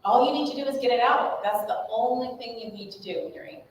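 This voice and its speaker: Woman guest speaker, animated parenting talk, far from the mic in a very echoey hall. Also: on the high side, fast talker. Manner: animated, acts out examples with nonsense sounds. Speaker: guest speaker on child behavior. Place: school room with audience. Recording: echoey room, voice from far off, faint noise.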